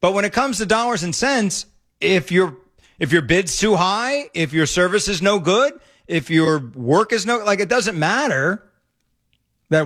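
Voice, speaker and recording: A man's voice: sits high, animated, unhurried, fairly bright tone. A man hosting a talk radio show, opinionated and laughing often. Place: radio studio.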